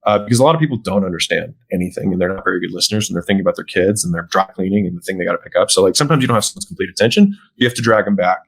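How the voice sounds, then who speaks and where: A man as a podcast guest, explaining how he sells fitness programs in casual conversation and often checking in with a quick "right?". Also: low-pitched, creaky, husky, poor audio. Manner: acts out sales dialogue, often tags "right?". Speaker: podcast guest, gym business owner.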